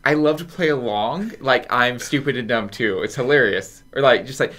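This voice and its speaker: A man's voice: mid-range voice, expressive, normal speed, a bit bright. A man co-hosting a podcast, giving wry, rambling opinions in casual chat and correcting himself as he goes. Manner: wry, self-correcting banter. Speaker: podcast co-host.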